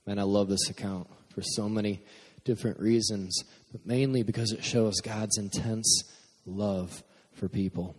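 A young man from Michigan preaching a sermon in a relaxed, conversational way, joking with the congregation between points. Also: fairly low pitch, a little slow, slightly rough. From Michigan, USA. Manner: conversational, jokey asides to the congregation. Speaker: pastor. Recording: long hall reverb.

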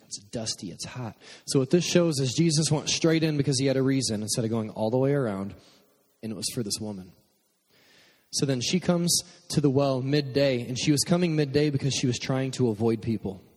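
A young man from Michigan preaches to his congregation, chatting and cracking jokes as he goes. His voice sits at an ordinary male pitch and carries a long reverberant tail from the hall around him. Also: a little mellow, husky. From Michigan, USA. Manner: conversational, jokey asides to the congregation. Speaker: pastor. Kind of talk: sermon.

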